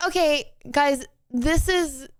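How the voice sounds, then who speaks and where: High-voiced flustered young woman streamer. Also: slow pace. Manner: flustered, exclaiming, laughing through tech trouble. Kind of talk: casual live-stream chat.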